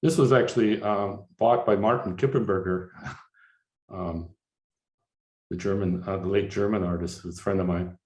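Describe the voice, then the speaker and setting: An older man from Canada walks an audience through his slides in a low voice, stopping and restarting often, his words padded with "uh" and "you know." The room is echoey, like a lecture hall. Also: fairly even intonation, darkish tone. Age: 60s. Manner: halting, many fillers and restarts. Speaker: artist giving a slide lecture.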